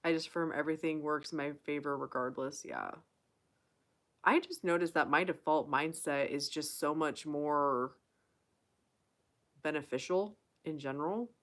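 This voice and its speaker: A woman's voice: deep voice, moderate pace, a bit bright. A young woman hosting a casual live Q&A stream, chatting and reading viewer comments aloud. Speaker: livestream host.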